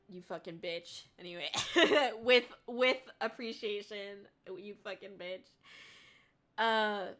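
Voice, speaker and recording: A woman's voice: mid-range voice, a bit bright. A woman streamer in casual chat with her viewers, reading their messages aloud, swearing freely and fighting back tears. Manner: swearing freely, laughing and choking up. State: tearful. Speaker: VTuber streamer.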